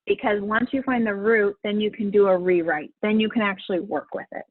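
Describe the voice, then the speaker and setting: A woman's voice: mid-range voice, fairly even intonation, a little fast, dry recording. A middle-aged woman hosting a live coaching session, chatty and encouraging, laughing often as she talks to her group. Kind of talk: casual live-stream coaching talk. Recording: husky voice over a tinny phone-like line.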